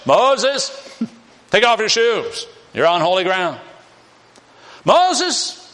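A man's voice: sits high, sing-song, very slow, a bit bright, long reverb tail, voice pushed up, full character voice. A man preaching voices God speaking to Moses from the burning bush, raised and emphatic. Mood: commanding.

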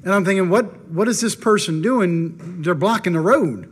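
A man preaching, telling a personal story in an animated first-person way and acting out his own thoughts. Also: high-pitched, moderate pace, slightly rough. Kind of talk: storytelling in a sermon.

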